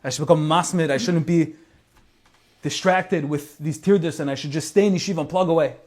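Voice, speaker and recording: A man's voice: a little high, a little fast, darkish tone, natural voice. A man voicing a distraught young yeshiva student who pleads in confusion. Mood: pleading.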